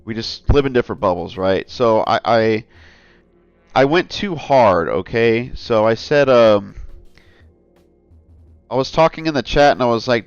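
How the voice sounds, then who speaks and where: A man's voice: medium pitch, animated, a little slow, pauses often, smooth, no room sound, dull audio, faint music behind. A man hosting a casual commentary vlog, talking in a rambling, earnest way and often calling his viewers "guys.". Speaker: channel host.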